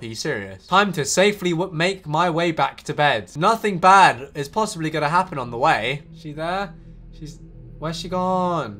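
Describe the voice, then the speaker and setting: A young man giving casual, sarcastic gameplay commentary with swearing and jumpy shouts. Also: mid-range voice, brisk, soft background music. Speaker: streamer.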